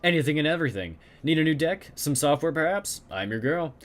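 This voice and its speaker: Man voicing a female dwarf tech seller in a game, clipped German-accented delivery, bright pushy sales patter. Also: mid-range voice, big pitch swings, fast talker. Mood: eager sales pitch.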